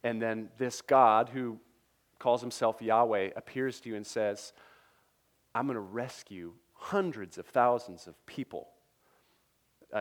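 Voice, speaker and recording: A man preaching a sermon to a congregation, animated, speaking the lines of Bible figures in his own voice and adding quick asides to the listeners. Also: medium pitch. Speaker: pastor.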